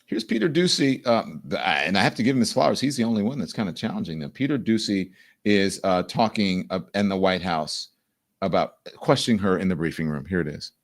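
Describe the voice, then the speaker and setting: A man's voice: sits low, lively intonation, a little fast. A man hosting a live political commentary show, talking bluntly and indignantly and swearing freely. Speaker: show host.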